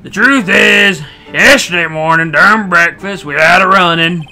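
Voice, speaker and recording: A man voicing a flamboyant, vain male circus magician in game dialogue, delivering lines theatrically and shouting. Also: high-pitched, moderate pace, full character voice. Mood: confiding.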